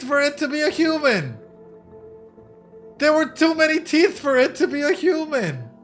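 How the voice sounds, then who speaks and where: Man, high bright voice, excitable game commentary, swears and shouts, faint music behind. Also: unhurried, pauses often. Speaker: streamer playing a video game. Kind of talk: let's play commentary.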